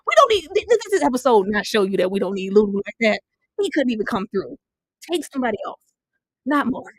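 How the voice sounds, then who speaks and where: A woman's voice: fairly high pitch, sing-song, fast talker, no room sound. A woman reviewing a TV series in a casual chat, playful and teasing, laughing often and apologizing between remarks.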